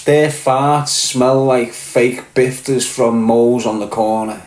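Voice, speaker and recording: A man's voice: medium pitch, flat delivery, takes it slowly, darkish tone. A middle-aged man with a Liverpool accent, hosting a live stream and telling crude, boastful, profane stories while answering viewers by name. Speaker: livestream host. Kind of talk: crude casual storytelling to live chat. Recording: roomy echo.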